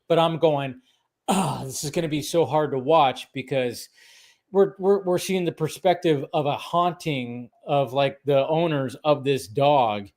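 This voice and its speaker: A man hosting a casual film chat, excitable and swearing freely. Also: fairly high pitch, unhurried. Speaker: podcast host.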